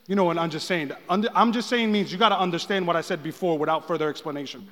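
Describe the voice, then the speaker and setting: A man preaching a sermon as pastor, swinging from hushed talk to shouted passages. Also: high voice, quick pace, hardly any pauses. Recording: long hall reverb.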